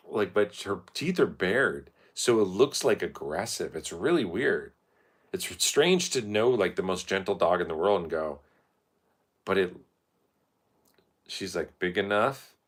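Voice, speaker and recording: A man with a very low voice talks to the camera in a rambling, unscripted monologue. He swears freely and leans on fillers, and his pitch rises and falls with lively animation. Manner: loose, swearing, meandering, filler-heavy. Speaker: vlogger.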